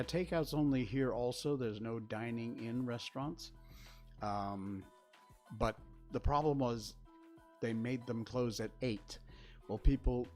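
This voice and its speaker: An older man chatting casually on a livestream from his home studio, rambling and dryly sarcastic as he reads his chat. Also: fairly low pitch. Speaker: livestream host. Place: spare-bedroom streaming studio. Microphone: desk setup facing a webcam.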